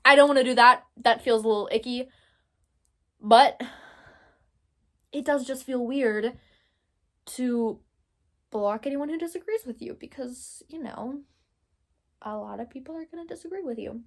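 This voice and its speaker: A woman's voice: sits high, a little slow, long pauses. A young woman from Texas giving casual commentary, thinking aloud and rambling with lots of filler words. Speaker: commentary creator.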